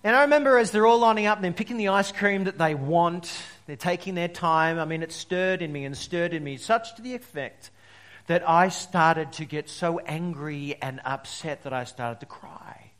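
A male pastor preaching a sermon, telling stories and swinging between loud emphasis and quiet drops. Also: on the high side, moderate pace. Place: church service.

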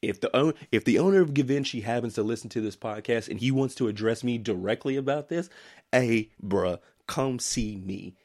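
A man from Maryland co-hosting a casual podcast, joking and teasing, often breaking into laughter. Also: normal speed. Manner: animated, jokey, breaks into laughs, lively pitch. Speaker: podcast co-host.

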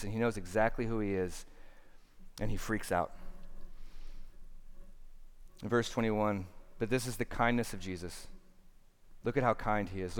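A man in his thirties preaches with earnest conviction. His voice is smooth and resonant, and it carries a long reverb from a large hall. He drops to a near hush, then swells to emphatic points. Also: medium pitch. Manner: earnest, swings between hushed and emphatic. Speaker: pastor. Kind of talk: sermon.

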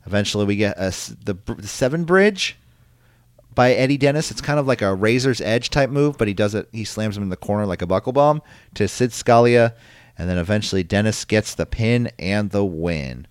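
Guy with a lowish voice doing a rambly casual podcast recap, dead dry mic. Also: lively intonation, brisk, clean tone, dry recording. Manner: rambling recap full of ums and likes. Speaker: podcast host recapping wrestling. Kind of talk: casual chat.

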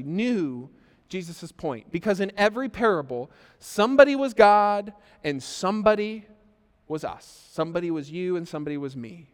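A man's voice: high voice, fairly bright tone, long reverb tail. A man preaching a sermon as pastor, conversational and joking, talking straight to the congregation. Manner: conversational, jokey, addresses congregation directly. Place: church hall.

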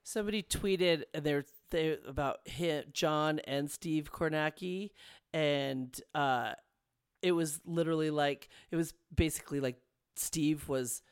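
Smooth-voiced chatty co-host, dry mic. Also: mid-range voice, measured pace, no room sound. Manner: chatty, laughs often, enthusiastic. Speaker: podcast co-host. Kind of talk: casual chat.

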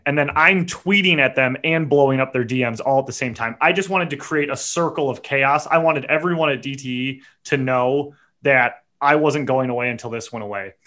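A man hosting a podcast, telling a story in a profane, animated rant and muttering quick asides. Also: mid-range voice. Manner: animated and profane, voice jumps up when acting out his own yelling. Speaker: podcast host.

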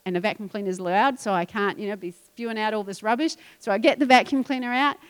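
A woman pastor preaching a sermon, emphatic and animated, dropping into quiet asides. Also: medium pitch, fast talker, clear, resonant tone.

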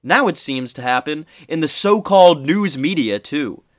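A man's voice: on the high side, expressive, normal speed, slight background noise. A man hosting a casual podcast, sarcastic, swearing and laughing as he reads an article aloud. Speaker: podcast host.

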